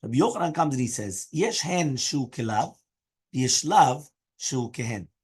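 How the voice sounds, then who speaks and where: A man's voice: medium pitch, lively intonation, unhurried, a little mellow, husky. A man teaching a daily Talmud class, explaining each Aramaic phrase in English and often checking with "right?" and "okay?". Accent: Hebrew and Aramaic terms mixed into English.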